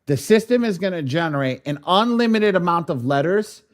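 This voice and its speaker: A man's voice: high voice, animated, a little fast. Casual man teaching a live online class. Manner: casual, slangy, talks straight to the viewers. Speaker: software trainer.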